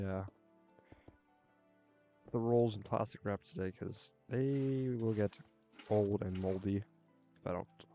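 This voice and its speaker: Male game streamer, unhurried, warm-toned, goofy and rambling. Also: on the low side, soft background music. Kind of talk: casual live-stream chat while playing.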